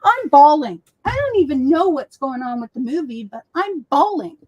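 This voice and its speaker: Chatty woman, lively and animated. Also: high voice, normal speed, lo-fi sound. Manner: chatty and animated, acts out quoted exchanges. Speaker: co-host of a crafting livestream. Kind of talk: casual chat. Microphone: video call.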